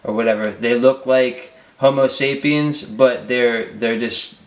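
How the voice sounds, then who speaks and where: A man's voice: medium pitch, steady tone, measured pace. A man hosting a casual interview, talking in a rambling, unsure way full of hedges. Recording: echoey room.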